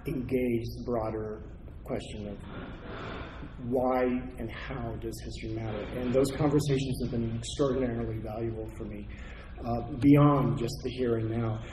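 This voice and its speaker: A man from Oregon, a historian giving an academic conference talk in a measured, scholarly way. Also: mid-range voice. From Oregon, United States. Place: conference hall. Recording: echoey hall, faint noise.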